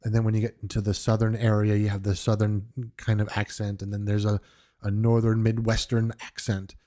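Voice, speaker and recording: Podcast host, male, from New York, earnest and reflective, mellow and lowish, unscripted monologue. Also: monotone, a little fast. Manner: earnest, reflective, with frequent restarts.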